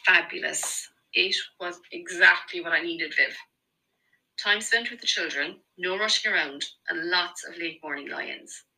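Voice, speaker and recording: A woman's voice: lowish voice, unhurried, creaky, pushed and bright, exaggerated voice, low-quality recording. A woman voicing a young mother with an Irish accent, coaxing and teasing her friend.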